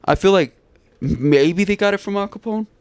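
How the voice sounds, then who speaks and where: A man's voice: sits high, normal speed, clean tone, no room sound. A young man co-hosting a podcast, chatting casually and swearing now and then while he explains details. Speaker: podcast co-host.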